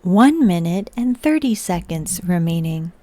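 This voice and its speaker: A woman putting on a robotic announcer voice, giving monotone, measured machine announcements on a livestream. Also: lowish voice, no room sound, voice pushed down. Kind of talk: livestream chat bit.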